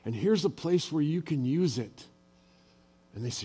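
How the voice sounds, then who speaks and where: A man's voice: fairly high pitch, lively intonation, normal speed, dark tone, slightly rough. An older man preaching a sermon as a pastor, telling personal stories in a conversational way and asking the audience questions.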